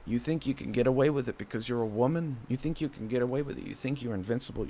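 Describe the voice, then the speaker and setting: Young man, confrontational monologue, rambling, lots of fillers, middle pitch. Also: quick pace, hardly any pauses, dark tone. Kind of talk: emotional monologue addressed to his mother.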